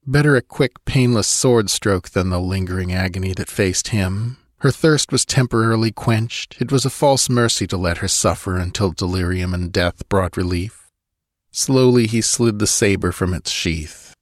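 A man narrating an audiobook in a measured, steady storytelling manner. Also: sits low, no room sound, clean studio sound. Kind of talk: scripted narration.

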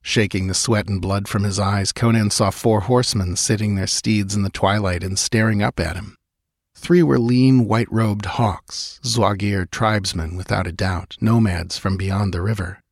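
Guy reading a fantasy audiobook, low husky voice, dry close sound. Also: fairly even intonation, moderate pace, no room sound. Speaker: audiobook narrator. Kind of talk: scripted narration.

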